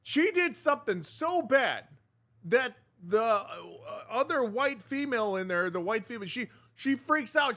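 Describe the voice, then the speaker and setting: A man hosting a casual entertainment news segment, chatting to viewers with sarcastic asides and quick reactions. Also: very high-pitched, lively intonation, pushed and bright. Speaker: news show host.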